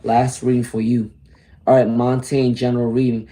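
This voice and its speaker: A man with a hoarse voice from laryngitis, giving a chatty live-stream tarot reading and greeting viewers by name. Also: mid-range voice, flat delivery, normal speed, dark tone. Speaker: tarot reader.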